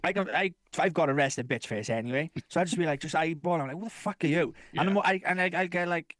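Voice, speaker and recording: A man's voice: a little high, fast, a bit bright, dry recording. A man co-hosting a podcast, telling rambling stories in casual chat and swearing freely. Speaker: podcast co-host.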